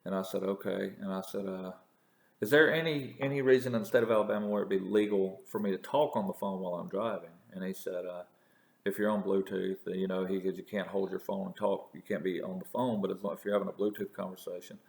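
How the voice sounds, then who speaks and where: Gravelly man rambling in an echoey room. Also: low voice, steady tone, fast talker, a little mellow. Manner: rambling storyteller with many restarts and profanity. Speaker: political commentator. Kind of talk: casual monologue.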